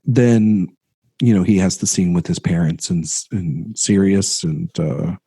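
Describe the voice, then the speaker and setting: A man in a casual film-discussion podcast, talking haltingly with many restarts and trailing off quietly. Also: deep voice, creaky, breathy edge, no echo.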